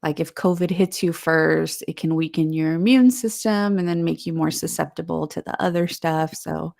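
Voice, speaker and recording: A woman's voice: low voice, moderate pace, gravelly, darkish tone. A woman co-hosting a podcast, laid-back in casual chat and laughing often. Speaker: podcast co-host.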